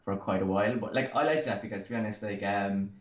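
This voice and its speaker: A man's voice: fairly low pitch, fast. A man in his thirties from Cork with an Irish accent, chatting loosely as an interview guest over a video call, full of fillers. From Ireland. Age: 30s. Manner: rambling, full of fillers and likes. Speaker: guest artist. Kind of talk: casual chat. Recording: echoey, dull video call audio.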